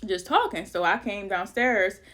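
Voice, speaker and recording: A woman's voice: mid-range voice, lively intonation, measured pace, a bit bright. A woman vlogger telling a dramatic story in a casual, chatty way with loose slang.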